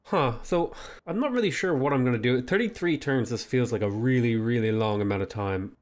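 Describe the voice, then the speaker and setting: A man's voice: medium pitch, brisk. A man hosting a strategy game let's play, thinking aloud in casual commentary and talking back to the game's units.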